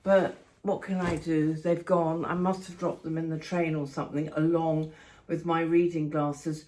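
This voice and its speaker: A woman's voice: deep voice, little pitch movement, moderate pace, mellow. An older woman from England chatting casually to her phone camera, rambling and affectionate, walking about outdoors and at home. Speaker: vlogger.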